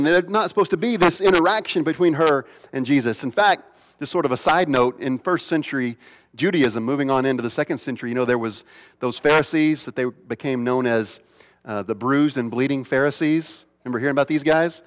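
Animated preacher man in an echoing hall. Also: on the high side, brisk. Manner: animated preaching, rhetorical questions, swings from loud to hushed. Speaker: pastor. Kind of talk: sermon. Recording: long reverb of a large hall.

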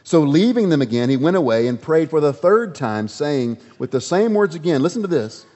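A man preaching a sermon, dramatic, swinging from loud emphatic lines to hushed ones. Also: a little high, sing-song, moderate pace. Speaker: pastor. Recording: dull audio with long hall reverb.

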